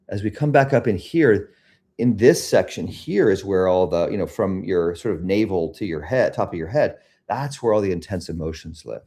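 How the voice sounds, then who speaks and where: Man, middle-aged, low voice, mellow tone, self-help host, reflective, guided meditation. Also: expressive, moderate pace. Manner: reflective, self-disclosing, gently guiding. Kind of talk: casual talk leading a guided meditation.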